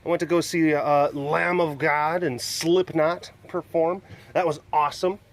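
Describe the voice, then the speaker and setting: A man's voice: fairly high pitch, fairly even intonation, unhurried. A man hosting his own webcast, telling a story in a casual, rambling way, self-deprecating and laughing often. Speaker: webcast host.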